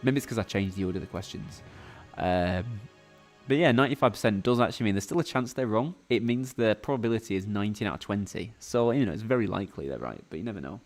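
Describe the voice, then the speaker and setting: A man's voice: fairly low pitch, animated, fast, faint music behind. A man hosting and playing along on a live quiz stream, chatty and rambling with lots of fillers. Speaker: quiz game host and player. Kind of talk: live-streamed quiz play-through commentary.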